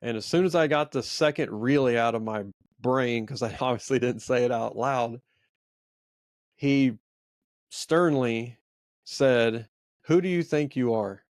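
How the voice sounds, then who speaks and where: A man's voice: medium pitch, measured pace, dry recording, studio quality. A man in his forties co-hosting a faith podcast, telling a personal story in a rambling, earnest, self-reflective way. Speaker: podcast co-host. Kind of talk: casual storytelling chat.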